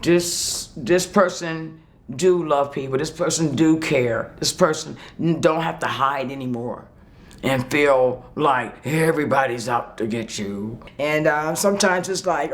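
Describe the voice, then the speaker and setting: A woman's voice: deep voice, unhurried. A woman sharing a personal testimonial as an employee. She speaks emphatically and emotionally, laughs often, and acts out her own past words as she tells her story.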